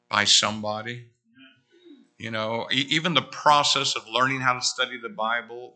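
A middle-aged male preacher gives a sermon in a church. His voice is sharp and forceful, mid-pitched, and he talks to the congregation in a chatty, storytelling way, full of asides.

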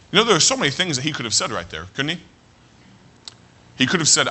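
A man preaching a sermon as pastor, earnest, often restarting his phrases and slowing down to read scripture. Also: a little high, wildly swooping pitch, bright, forceful tone, breathy edge.

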